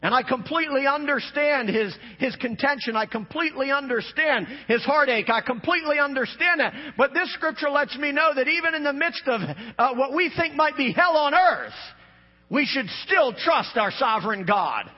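A man pastor delivering a sermon, climbing into shouts and dropping to low, emphatic asides, on a dull lo-fi recording. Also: lively intonation, normal speed.

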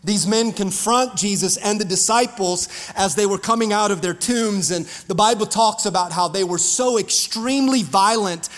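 A man pastor preaching a fiery sermon to his congregation, building up to shouts. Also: high voice, moderate pace, hardly any pauses, big-room sound. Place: church sanctuary.

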